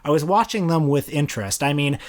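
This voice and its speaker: A man co-hosting a film podcast, speaking in a dry, measured, wry way in casual discussion. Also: on the high side. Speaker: podcast co-host.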